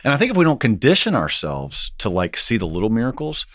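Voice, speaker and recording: A man's voice: medium pitch, huge pitch swings, fast, a bit bright, no echo. A man hosting a podcast, thinking aloud in casual talk and often restarting his sentences. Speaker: podcast host.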